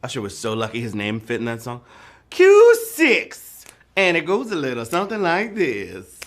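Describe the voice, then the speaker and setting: Energetic, playful trivia host. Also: male voice, medium pitch, brisk. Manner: playful, joking, bursts into sung bits and whoops. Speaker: trivia game show host. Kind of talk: live game show hosting.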